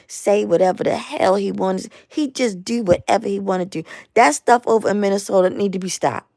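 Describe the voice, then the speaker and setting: Host, woman; fired-up repetitive live rant, gravelly hoarse tired voice, dry close sound. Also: medium pitch, normal speed, dark tone, no echo. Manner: emphatic, repetitive, stumbling restarts. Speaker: host of a live online show. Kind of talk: impassioned live rant to viewers.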